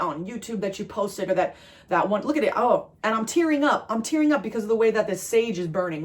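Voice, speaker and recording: A woman giving a channeled tarot reading to camera. She talks emphatically, repeats her phrases and jumps high in pitch when she gets excited. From New Jersey. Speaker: tarot reader.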